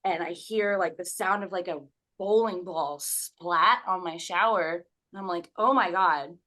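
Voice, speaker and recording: A woman with a somewhat low voice tells a personal story as a podcast guest. She talks in a candid, animated way, swears without a second thought and acts out what she said back then. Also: measured pace. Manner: acts out her own past remarks in quotes.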